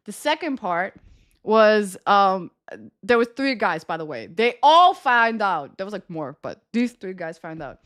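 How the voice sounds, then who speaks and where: A woman's voice: medium pitch, sing-song, a little slow, fairly bright tone. A young woman streamer with a slight lisp from her retainer, chatting to viewers in a rambling, giggly way. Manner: giggly, rambling storytelling with many fillers. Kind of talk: casual chat to stream viewers.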